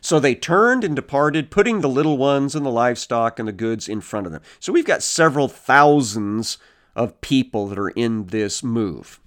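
A man leads a verse-by-verse Bible lesson, reading each passage and then explaining it in an easy, conversational way. His voice sits in an ordinary middle pitch, and he slips into animated voices when he retells what people in the story said. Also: moderate pace. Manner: reads verses, then paraphrases casually with animated character voices. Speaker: Bible teacher. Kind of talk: expository Bible teaching.

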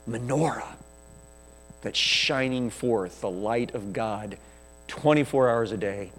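A man preaching a sermon as a pastor, with slow, emphatic delivery. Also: on the low side. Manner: slow, emphatic preaching that drops to a quiet prayer. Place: church sanctuary. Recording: echoey church hall with mains hum.

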